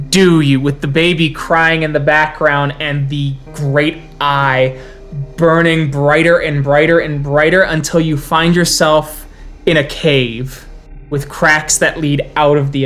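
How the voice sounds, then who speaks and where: A man narrating as storyteller of a tabletop game, dramatic and slowing down for eerie scenes. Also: on the high side, level tone, a bit bright, soft background music.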